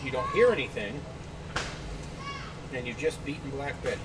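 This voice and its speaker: A man's voice: medium pitch, moderate pace. A man narrating scenes as game master of a tabletop game, recorded outdoors. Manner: lively descriptive narration. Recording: distant mic, background noise outdoors.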